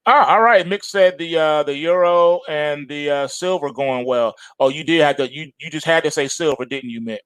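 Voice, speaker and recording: Joking trading-stream host, dry close mic. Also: male voice, a bit bright, no room sound. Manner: playful, jokey, swings into high mock-whiny bits. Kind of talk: live-stream market chat.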